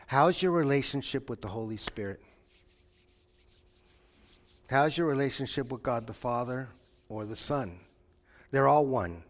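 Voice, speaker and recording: A man preaching an interactive sermon. He questions his listeners, asks them to call out answers, and tells stories with acted-out voices. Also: medium pitch. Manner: questions the audience and invites answers. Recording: long hall reverb.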